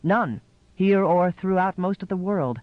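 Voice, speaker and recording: A man reading a novel aloud in measured, scripted narration. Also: high-pitched, no echo, phone-quality sound. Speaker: audiobook narrator.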